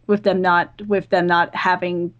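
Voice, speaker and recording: A woman chatting casually as a podcast guest, animated and gushing, with lots of "like". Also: on the low side, a little slow, dull audio.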